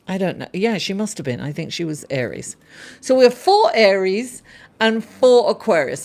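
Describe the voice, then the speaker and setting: A woman hosting an astrology livestream, chatting casually, laughing often and reading out viewer comments. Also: medium pitch.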